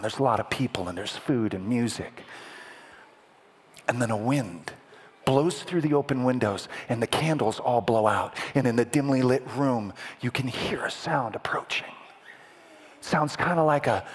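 A man's voice: medium pitch, breathy edge. A man preaching a sermon as dramatic movie-trailer narration, adding vocal sound effects for a live audience in a hall. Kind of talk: sermon storytelling.

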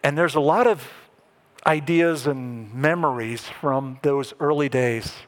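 A man preaching a sermon as pastor, animated and lifting his voice when he acts out what others said. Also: medium pitch, takes it slowly. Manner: animated preaching, voice rising to act out quoted speech.

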